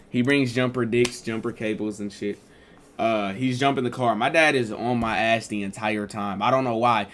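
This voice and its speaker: A man's voice: medium pitch, a bit bright. A young man casually telling a storytime vlog in loose, slangy talk with lots of fillers. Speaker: streamer and vlogger.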